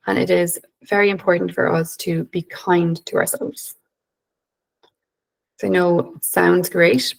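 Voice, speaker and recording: A woman in her thirties with an Irish accent presents to an online audience, gently guiding her listeners. Her lowish voice carries a gravelly edge. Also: poor audio. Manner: gentle, guiding, with filler "um"s and restarts. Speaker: behaviour analyst presenter.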